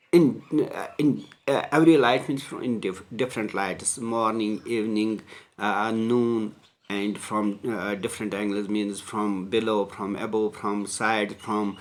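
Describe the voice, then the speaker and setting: A man's voice: lowish voice, fairly even intonation, unhurried. A man teaching a textbook lesson, restating each phrase in simpler words with frequent hesitations. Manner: repetitive, paraphrasing, frequent hesitations.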